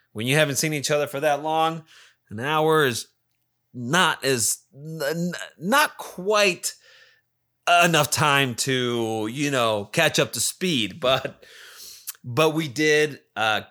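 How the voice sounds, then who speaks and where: A man's voice: mid-range voice, sharp tone. A man in his forties telling a rambling personal story in casual talk, swearing freely as he goes. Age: 40s.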